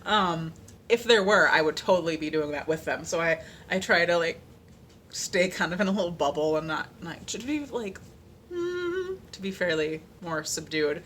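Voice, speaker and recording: A woman vlogger chatting casually, animated and playful, with lots of fillers and little sung snippets. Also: fairly low pitch, moderate pace, a little hiss or hum. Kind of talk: casual chat.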